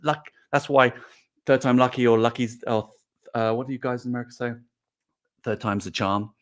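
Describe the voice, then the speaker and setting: A middle-aged man hosts a casual livestream, chatting and reading out comments as an animated, rambling storyteller. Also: medium pitch, moderate pace, clean tone. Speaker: host.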